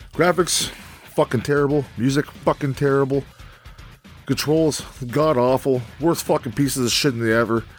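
A man's voice: mid-range voice, fairly even intonation, normal speed, faint music behind. Foul-mouthed man in an angry rant. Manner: angry, foul-mouthed, laughs between jabs. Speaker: co-host reviewing a video game. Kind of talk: profane comedic rant.

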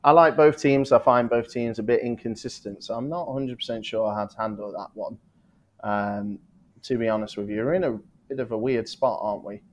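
A man co-hosting a betting podcast, giving football tips in a relaxed, rambling way and correcting himself as he goes. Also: medium pitch, brisk. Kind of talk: casual betting tips chat.

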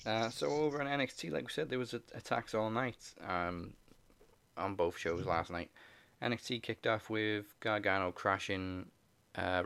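A man's voice: on the low side, creaky, a bit bright. A man co-hosting a podcast, steadily recapping the week's events in casual chat. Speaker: podcast co-host.

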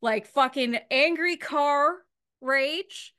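High, bright-voiced Canadian woman swearing freely. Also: very slow. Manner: swears freely, acts out her mom in animated bits. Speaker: podcast host. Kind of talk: casual podcast chat.

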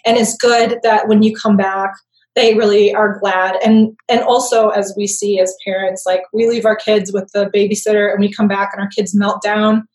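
A woman explains things conversationally as an interview guest, often tagging her points with "right?". Her voice sits at a medium pitch and has a roomy echo around it. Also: flat delivery, moderate pace, darkish tone. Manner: conversational, frequent tag "right?". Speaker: guest expert on attachment.

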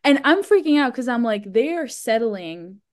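A young woman telling a story in a casual remote chat, animated and laughing, acting out the people in her story. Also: on the high side, moderate pace. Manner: animated, laughing, quoting others in put-on voices. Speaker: guest, festival volunteer.

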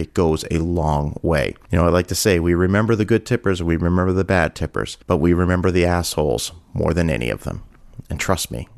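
A man's voice: deep voice, creaky. A middle-aged man from Halifax hosting his own podcast, telling a story casually and animatedly, briefly acting out the voices of the people in it. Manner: animated, acts out voices in anecdotes. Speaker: podcast host.

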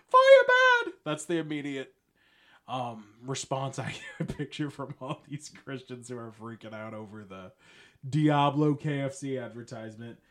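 A man hosting his own podcast alone, talking in a rambling, jokey way with frequent chuckles, swinging between low mutters and loud bursts. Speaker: podcast host. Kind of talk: casual solo podcast monologue.

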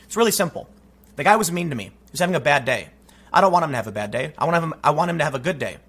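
Host type: bright, forceful man, slightly husky, lively spoken commentary monologue. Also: a little high, rapid-fire. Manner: animated storytelling, acts out quoted voices.

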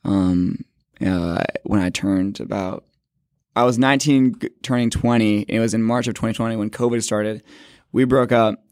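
This man's voice is fairly low, steady and a little mellow, captured dry with studio quality. At twenty, he's casually recounting his faith testimony in a rambling way, leaning heavily on "like" and quickly correcting himself.

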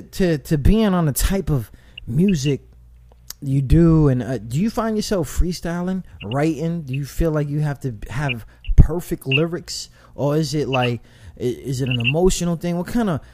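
A man hosting a casual hip-hop interview, talking in slang and telling stories with lots of asides. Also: on the high side. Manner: animated storyteller, slangy, lots of "you know what I'm saying". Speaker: podcast host.

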